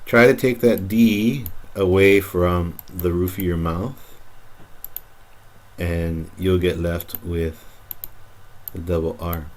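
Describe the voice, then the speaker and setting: A man's voice: low-pitched, steady tone, slow, a little mellow. A man teaching Spanish pronunciation in a recorded lesson, patiently repeating each word for practice.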